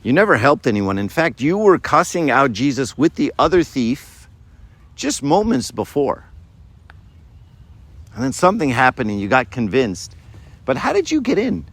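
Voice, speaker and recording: An incredulous angel at heaven's gate, as a man puts it on, firing off questions with lively, swooping pitch. The voice sits in a middle register and stays close to his everyday speech. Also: normal speed, breathy edge, dry recording, heavily acted.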